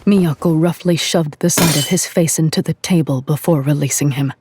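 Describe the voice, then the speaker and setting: A woman reading an audio drama as narrator in a measured, even storytelling manner. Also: sits low, noisy background.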